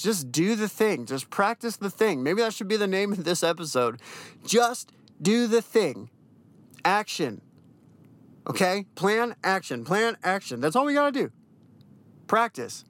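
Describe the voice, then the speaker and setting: Young guy ranting on his podcast, swears a lot, keeps repeating himself, voice a bit high. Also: fairly bright tone. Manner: blunt and profane, slangy; emphatic, repeats key phrases. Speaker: podcast host. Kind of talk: casual motivational monologue.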